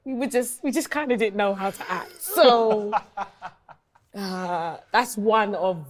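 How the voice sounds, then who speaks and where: A woman in her twenties with a London accent speaks slowly at a medium pitch as a guest in a casual interview. A singer-songwriter, she tells stories chattily, peppering them with lots of ums and likes.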